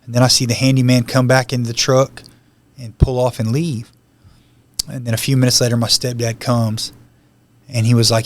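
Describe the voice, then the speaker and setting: A man in the guest seat of a podcast, telling his own story in plain, conversational speech. His pitch sits in an ordinary middle range, and he briefly acts out the lines of the people he meets. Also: flat delivery, fairly quick, no room sound. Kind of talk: personal testimony.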